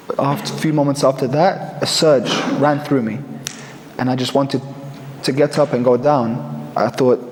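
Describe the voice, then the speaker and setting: A man telling a personal story to listeners, reflective and earnest, with measured pauses. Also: mid-range voice, darkish tone, a little hiss or hum. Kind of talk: first-person storytelling talk. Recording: echoey hall with faint ambience.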